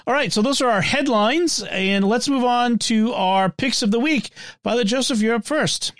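A man's voice: very high-pitched, moderate pace, fairly bright tone, no room sound, studio quality. A man hosting a casual podcast panel, moving between segments and laughing easily. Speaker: podcast host.

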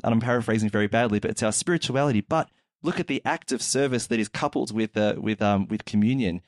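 A man hosts a relaxed chat podcast, talking in a loose, filler-heavy way as he retells what happened. His voice sits at an ordinary pitch. It is recorded close and dry, with no room sound. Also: quick pace, no room sound. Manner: chatty, retells events with quoted voices, many fillers. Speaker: podcast host. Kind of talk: casual chat.

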